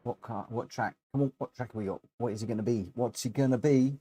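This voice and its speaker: A man's voice: mid-range voice, fast, warm tone, a little hiss or hum. A man giving chatty live commentary while streaming a racing game, talking to himself and his viewers with eager exclamations.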